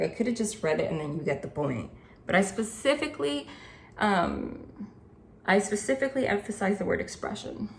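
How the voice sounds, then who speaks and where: A woman reading tarot cards to her viewers in an earnest, chatty way, repeating the card meanings and often saying "like" and "okay". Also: mid-range voice. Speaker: tarot reader. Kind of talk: casual spiritual reading.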